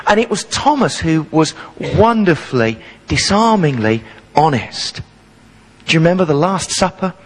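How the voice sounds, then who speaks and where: A man's voice: fairly high pitch, big pitch swings, normal speed, poor audio. A man in his forties preaching a sermon, telling stories playfully and with humour. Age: 40s. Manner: humorous storytelling, playful.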